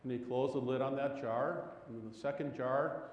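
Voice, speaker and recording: A man's voice: normal speed, reverberant, long reverb tail, highs cut off. A man preaching a sermon as a pastor, telling stories and pressing rhetorical questions with rising emphasis. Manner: animated storytelling, rising pitch on rhetorical questions.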